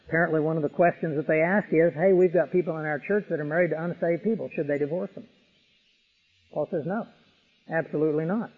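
A man's voice: fairly high pitch, fast talker, slightly rough. A man preaching an expository sermon, emphatic, with vivid illustrations. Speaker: pastor. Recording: tinny radio broadcast with long reverb.

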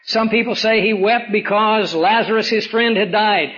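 Hoarse male preacher, lo-fi sound. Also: sits high, a bit bright. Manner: preaching with emphatic rises and slow dramatic drops. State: hoarse from swollen tonsils. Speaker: pastor. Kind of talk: sermon. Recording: dull lo-fi recording.

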